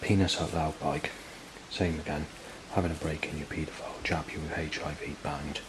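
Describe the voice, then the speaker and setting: Low-voiced man rambling over hiss. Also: flat delivery, normal speed. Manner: rambling, hesitant, dotted with fillers. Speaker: diarist recording a personal log. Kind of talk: spoken log. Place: indoors in a building.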